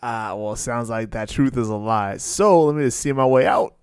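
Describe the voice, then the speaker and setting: A man's voice: mid-range voice, moderate pace, smooth, dry recording, clean studio sound. A man co-hosting a podcast, cutting in with teasing, wry remarks. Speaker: podcast co-host. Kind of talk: casual chat.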